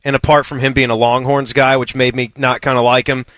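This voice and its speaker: A man's voice: mid-range voice, little pitch movement, brisk, a bit bright, no echo. A man co-hosting a sports radio show, telling stories casually and laughing often. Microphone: studio mic.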